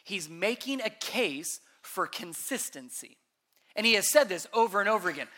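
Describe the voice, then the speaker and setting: A man preaching a sermon as pastor, emphatic, asking rhetorical questions, his voice rising and dropping sharply in loudness. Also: high voice, animated, moderate pace.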